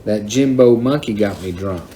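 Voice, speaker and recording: Guy reading as sheepish sad boy, low mumbly, mellow. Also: moderate pace, slight background noise, close to an everyday voice. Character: sheepish, miserable young boy.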